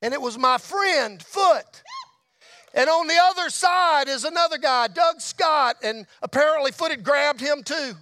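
A middle-aged man telling a testimony story in a church, folksy, dropping to a hush and rising to shouts. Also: very high voice, animated, a little slow. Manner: folksy storyteller, drops to a hush at tender moments, rises to shouts. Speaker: motorcycle ministry speaker. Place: church hall.

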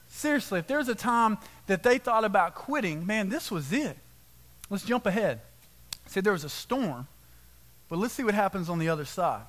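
A man with a notably high voice preaches to a church congregation. He keeps it casual and direct, tossing out rhetorical questions to the room. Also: lively intonation, normal speed, fairly bright tone. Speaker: pastor. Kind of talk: conversational sermon. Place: church service.

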